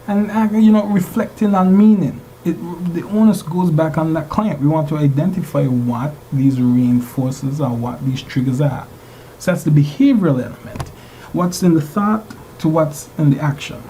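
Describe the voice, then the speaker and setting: Mellow-voiced male instructor lecturing a class. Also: a little high, normal speed, a little hiss or hum, low-quality recording. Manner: engaging, asks the class rhetorical questions.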